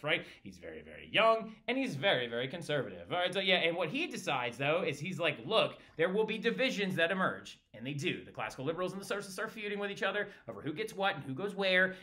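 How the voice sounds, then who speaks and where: A man teaching a history lesson in a casual, chatty way, often tagging his points with "right?" and slipping into quick voiced quotes. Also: fairly high pitch, pushed and bright. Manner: slips into brief voiced quotes of historical groups. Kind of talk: flipped-classroom history lecture.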